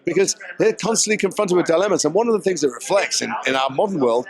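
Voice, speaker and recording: A man's voice: on the high side, fast talker, crowd noise. A man being interviewed as an actor at a red carpet premiere, explaining his work in a thoughtful, articulate way.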